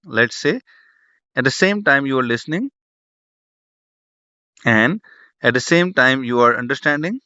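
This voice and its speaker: Teaching an online exam prep class, this man speaks in an unhurried, mid-range voice that is bright and forceful, animated, with frequent pauses. His delivery is loose and repetitive, with many restarts and fillers, captured on a dull, dry lo-fi recording.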